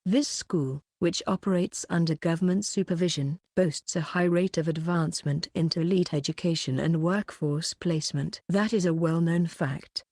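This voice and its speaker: A woman's voice: fairly low pitch, normal speed, few pauses, a little mellow, no room sound, clean studio sound. A woman doing a cold, mocking teacher. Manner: cutting, mocking. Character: stern cold female homeroom teacher.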